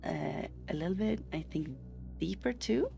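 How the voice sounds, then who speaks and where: Casting: male streamer from Sweden, gravelly fry in the voice, loose rambling chat with frequent restarts. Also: fairly high pitch, lively intonation, measured pace, warm tone, faint music behind. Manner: rambling, chatty, restarts sentences, drifts into tangents. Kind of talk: casual live-stream chat while gaming.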